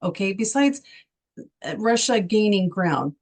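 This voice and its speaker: A woman's voice: medium pitch, expressive, measured pace, a little mellow. A woman from Texas co-hosting a casual political talk show, speaking emphatically with many rhetorical questions. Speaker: co-host.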